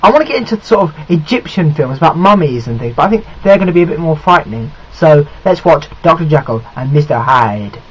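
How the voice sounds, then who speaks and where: A man's voice: fairly high pitch, lively intonation, a little fast, few pauses, breathy edge. Chatty young guy, muffled camera mic. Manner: rambling, restarts often, chatty. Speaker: film vlogger. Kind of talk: casual video diary. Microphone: built-in camera mic.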